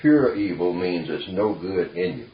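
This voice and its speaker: A man's voice: sits low, animated, a little slow, slight background noise. A man leading an informal group discussion, emphatic and folksy, often dropping in "see" and "you know". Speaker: discussion leader. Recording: echoey room, dull lo-fi sound.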